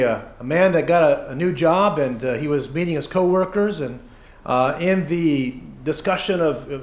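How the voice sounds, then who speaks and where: A man's voice: on the high side, darkish tone, roomy sound. A man preaching a sermon in a church, conversational and joking, with many fillers and acted asides. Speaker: pastor. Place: church sanctuary.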